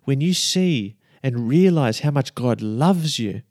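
A man preaching a sermon with fervent, building emphasis, repeating key words as he grows excited. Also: medium pitch, a little slow, hardly any pauses, dry recording, clean studio sound.

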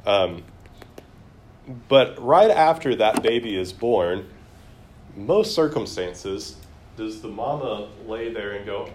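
Male Bible study teacher, low-pitched, quizzes his class, faint background noise. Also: expressive, slow pace. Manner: questions the class and reads scripture aloud.

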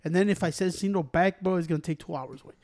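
Speaking fast in a high-pitched voice, a man tells friends a story in casual conversation. Animated and profane, he curses a lot and imitates what other people said. Studio-quality recording with no room sound.

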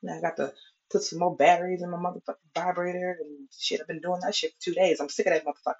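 A woman's voice: on the low side, fairly even intonation, fast talker, a little mellow. A woman delivering a profane, exasperated comic rant as a vlogger, complaining at length. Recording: dull lo-fi recording.

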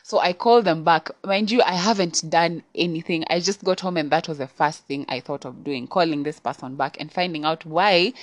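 A woman's voice: lowish voice, a bit bright, no echo. A young woman with a Kenyan accent hosting a podcast, telling a story in a chatty, exasperated way to her listeners. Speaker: podcast host. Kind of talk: casual storytime. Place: home on a rainy night.

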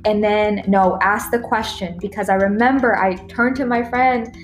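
A woman's voice: medium pitch, fairly even intonation, moderate pace, faint music behind. Chatty woman guest, laughs easily. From Texas, USA. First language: Spanish. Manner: laughs often, acts out remembered dialogue. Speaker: podcast guest. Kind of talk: casual interview conversation.

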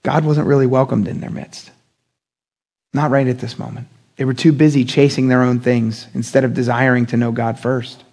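Slangy, animated young pastor with gravelly voice. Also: male voice, medium pitch, moderate pace. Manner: animated, conversational, slangy, acts out quoted voices. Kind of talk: casual midweek sermon.

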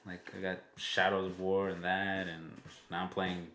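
A man's voice: sits low, completely flat delivery, normal speed, a bit bright, slight background noise. A tired man co-hosting a podcast in casual chat, rambling and laughing often. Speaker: podcast co-host. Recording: echoey room.

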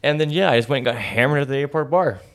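A man's voice: medium pitch, rapid-fire. A young man telling a rambling, profane, jokey story in casual chat.

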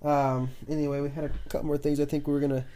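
A man's voice: a little high, very fast. A man hosting a podcast at home, chatting casually with lots of fillers and trailing "so"s. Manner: relaxed, rambling with many fillers. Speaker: podcast host. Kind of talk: casual chat. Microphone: new budget desk microphone.

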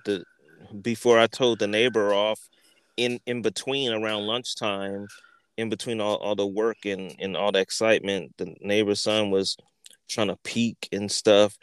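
Profane animated storytelling man. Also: fairly low pitch, unhurried, clear, resonant tone, no room sound. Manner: animated, profane, repeats words and acts out quotes. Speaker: podcast host. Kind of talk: casual storytelling.

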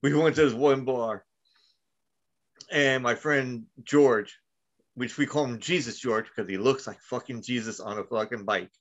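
A man's voice: mid-range voice, measured pace. Rambling, profane man telling stories. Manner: rambling, profane, laughs at his own stories. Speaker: podcast host. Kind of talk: casual storytelling chat. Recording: dull lo-fi sound.

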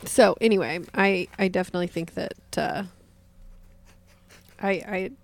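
A woman in her thirties co-hosting a podcast, soft-spoken and halting as she chats casually. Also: on the low side, steady tone, creaky. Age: 30s. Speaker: podcast co-host.

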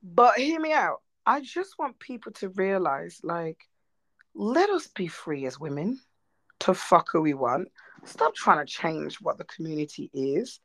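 Woman, podcast co-host, blunt, swears a lot, low-pitched, dry sound. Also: unhurried, no room sound, low-quality recording. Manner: blunt, animated, swears freely. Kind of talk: casual chat.

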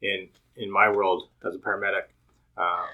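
A man's voice: deep voice, flat delivery, normal speed, phone-quality sound. A man who works as a paramedic, chatting casually as a podcast co-host.

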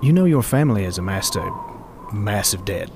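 A man's voice: lowish voice, expressive, brisk, creaky, background noise. A man voicing a polite but menacing older male cult agent who calls the hero "lad". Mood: cold. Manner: polite, calling others "lad".

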